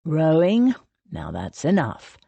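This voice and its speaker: Woman doing a curt young navy man, low and brusque, dry close sound, dark tone, storybook reading. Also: wildly swooping pitch, slow pace, vocal fry, slightly rough, dry recording, exaggerated voice. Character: gruff guarded young naval officer man.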